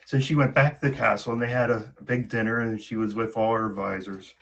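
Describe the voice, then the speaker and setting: A man telling a fairy tale in a casual, halting way, often repeating words, on a dull lo-fi recording. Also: fairly low pitch, steady tone, gravelly, fairly bright tone. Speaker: storyteller.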